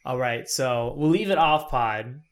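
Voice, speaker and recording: A young man co-hosting a podcast in casual chat, with soft R sounds, laughing often and rambling. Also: mid-range voice, expressive, unhurried. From South Carolina. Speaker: co-host.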